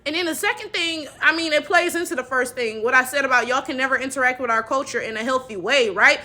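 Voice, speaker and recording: A woman hosting a reaction commentary video, talking in an animated, sassy way with laughing asides. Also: high-pitched, fast.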